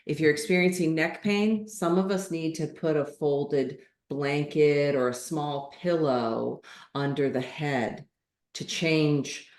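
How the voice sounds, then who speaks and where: A woman teaching yoga in a low voice, slow and unhurried, talking students through each setup with gentle reassurance. Her voice carries a roomy echo, as if recorded in an open, bare room. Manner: calm, measured instruction with gentle reassurance. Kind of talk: guest instruction in a live online class. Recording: echoey room.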